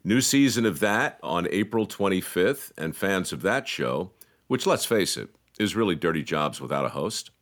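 A man's voice: low-pitched, animated, normal speed, a bit bright. A middle-aged man in casual podcast chat, telling stories with laughter and mimicked voices. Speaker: podcast co-host.

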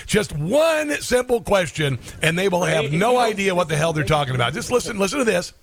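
A man's voice: high voice, lively intonation, fast talker, vocal fry, fairly bright tone, no echo. A man hosting a talk radio show, delivering a combative, sarcastic monologue with frequent chuckles.

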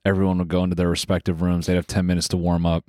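A man co-hosting a podcast in casual comedic chat, teasing with deadpan jokes. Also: sits low, rapid-fire, no echo, clean studio sound. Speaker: podcast co-host.

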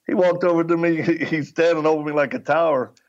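A man's voice: fairly high pitch, fast talker, highs cut off. A middle-aged man, a podcast guest, telling anecdotes in casual conversation and acting out the dialogue as he goes. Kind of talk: conversational storytelling.

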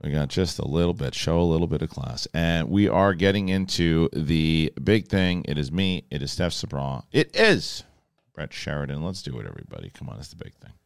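Lively low-voiced male host. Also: moderate pace, vocal fry, no echo, clean studio sound. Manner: rambling, animated storyteller with frequent restarts. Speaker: podcast host. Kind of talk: casual chat.

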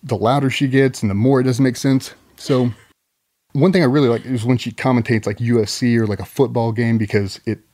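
A man in an easygoing podcast chat spins long, profane anecdotes about his wife. His speaking pitch sits at an ordinary middle height for a man, and he now and then slips into loud mock voices for her. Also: brisk. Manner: swearing, animated anecdotes. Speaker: podcast guest. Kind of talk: casual storytelling.

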